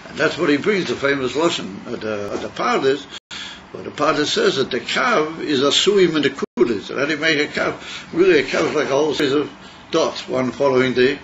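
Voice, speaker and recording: Halting man teaching a class. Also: mid-range voice, animated, a bit bright, a little hiss or hum. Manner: halting, repeats words, mixes Hebrew terms. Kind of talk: Chassidus class. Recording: muffled class recording.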